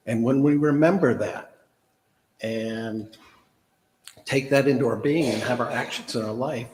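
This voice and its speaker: A man's voice: fairly low pitch, slight background noise. Chatty man preaching in an echoey hall. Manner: relaxed, chatty, many fillers. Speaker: guest speaker at a church service. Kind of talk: casual sermon with a joke. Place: church hall. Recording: echoey hall, long reverb.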